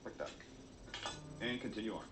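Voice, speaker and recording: A man's voice: on the low side, animated, moderate pace, roomy sound, background noise. A man hosting a cooking video, chatty and jokey, poking fun at himself as he cooks. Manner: jokey, self-mocking, chatty. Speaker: cooking show host.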